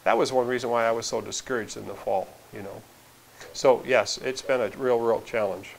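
A man's voice: medium pitch, steady tone, moderate pace, gravelly, a little hiss or hum. A man speaking as a documentary filmmaker in an interview, earnest and reflective, often restarting his sentences. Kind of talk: casual conversational interview.

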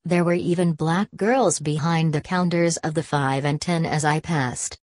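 A woman narrating a novel as an audiobook in a steady, measured reading. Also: low voice, no room sound.

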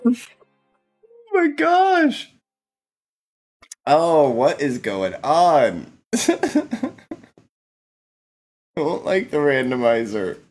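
A man's voice: medium pitch, big pitch swings, drawn-out words, pauses often, darkish tone, faint music behind. A man streaming a video game live, playful and exclaiming, laughing often and thanking his chat. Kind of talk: live gameplay commentary.

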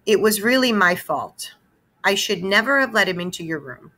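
A woman voicing a gentle, reassuring mother of two boys in a storybook reading, speaking patiently. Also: medium pitch, animated, normal speed. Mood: soothing.

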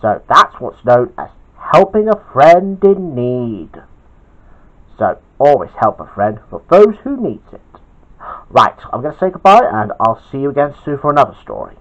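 A man reading his own homemade story aloud, halting and chatty, with asides to his listeners. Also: mid-range voice, very animated, fairly bright tone, dull audio. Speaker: storyteller, channel host.

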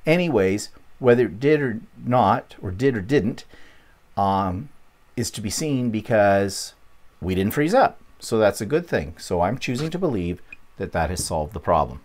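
Chatty lively man with a frog in his throat. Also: lowish voice, unhurried. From Canada. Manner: rambling, chatty, self-correcting. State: slight cough, frog in throat. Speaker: vlog host. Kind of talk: casual vlog chat.

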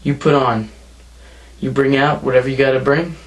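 A man's voice: mid-range voice, level tone, moderate pace. A young man delivering a wrestling promo, taunting and mocking his opponent as he trash-talks.

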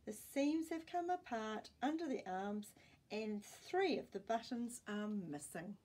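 A woman's voice: a little high, animated, slow pace, warm tone, breathy edge, full character voice. A woman reading aloud, voicing a fussy, practical old grandmother in a storybook. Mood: scolding.

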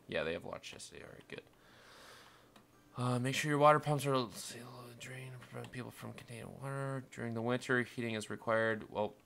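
A young man commentating his city-building game, muttering along and then bursting into panicked, cursing shouts. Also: fairly low pitch, gravelly, a little hiss or hum. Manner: swings from mumbling to panicked yelling, swears constantly. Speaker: gameplay streamer. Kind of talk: casual let's-play commentary.

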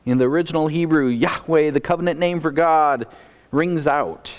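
A man's voice: fairly high pitch, moderate pace, in a large hall. A man preaching a sermon as pastor, earnest and often repeating a word as he starts a phrase.

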